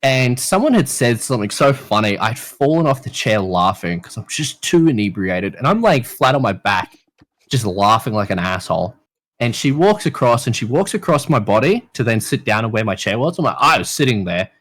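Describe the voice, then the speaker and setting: Lively swearing Australian man telling stories. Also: mid-range voice, moderate pace. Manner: lively, crude, swears often. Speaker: podcast guest. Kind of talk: casual storytelling.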